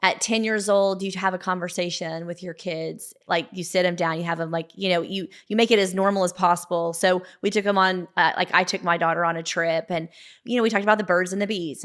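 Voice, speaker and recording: A woman's voice: lowish voice, a bit bright. A woman hosting a podcast, asking questions in a casual, conversational way with lots of "like" and "I mean". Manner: conversational, many "like" and "I mean" fillers. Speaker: podcast host. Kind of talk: casual interview chat.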